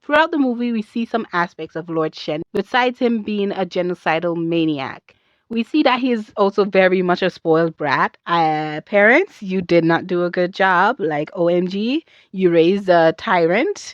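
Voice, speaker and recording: A woman ranting casually to camera in a sassy, animated way, drifting off on tangents. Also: lowish voice, normal speed, noisy background. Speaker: video creator and artist. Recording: dull lo-fi dry recording.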